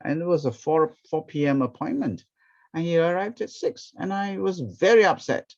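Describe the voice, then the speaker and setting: A man, teaching a ministry training session through lively stories and acted-out quotes. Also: fairly high pitch, normal speed. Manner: animated, acts out quoted speech. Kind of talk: storytelling teaching talk. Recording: dull, muffled recording.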